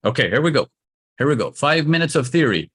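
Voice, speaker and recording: A man's voice: medium pitch, sing-song, fairly quick, fairly bright tone, slightly rough. A man teaching trading to a live audience, emphatic and repetitive, coaxing his listeners along. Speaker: trading instructor.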